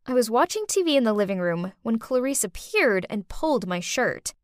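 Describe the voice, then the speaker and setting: A young woman narrating a first-person animated story in a dramatic, exclaiming manner. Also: fairly high pitch, moderate pace, no room sound, clean studio sound. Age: young adult.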